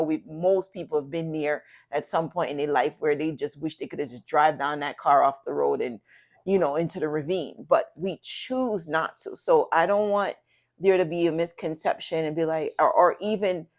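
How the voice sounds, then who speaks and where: A woman co-host giving earnest faith-based commentary, speaking straight to the audience in a teaching tone. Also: sits low.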